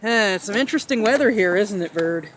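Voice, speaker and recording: A woman's voice: mid-range voice, lively intonation, fairly quick, a little hiss or hum. A woman walking outdoors with a handheld camera, chatting in a sing-song pet voice to her parrot. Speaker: vlogger. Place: outdoors on a street in the rain. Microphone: handheld camera while walking.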